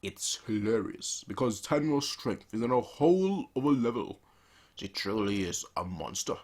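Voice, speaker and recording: A man's voice: on the low side, very animated, moderate pace. A man hosting a manga reaction, reading the pages aloud with casual, playful asides.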